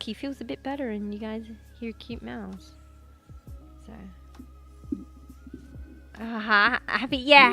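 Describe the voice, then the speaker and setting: A woman's voice: fairly high pitch, bright, forceful tone. A woman streaming from a room at home, chatting casually and rambling with lots of fillers. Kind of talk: casual chat.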